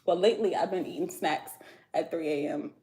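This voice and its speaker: An American woman hosts a casual tarot livestream from home, chatting with viewers in loose, slangy talk and laughing frequently. Her voice is low and mellow, and she speaks briskly.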